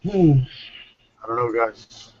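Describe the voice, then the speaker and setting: A man's voice: medium pitch, lively intonation, slow pace. A man hosting a casual group video chat, rambling and mocking, in slang. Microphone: webcam mic on video call. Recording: lo-fi online call audio.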